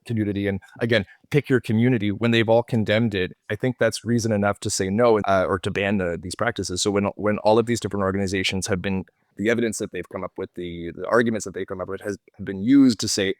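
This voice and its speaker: Canadian man, low voice, earnest talk. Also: fairly even intonation, fast talker, no echo, studio quality. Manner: earnest, explanatory, tags points with "right?". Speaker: podcast guest, author. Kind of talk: casual interview talk.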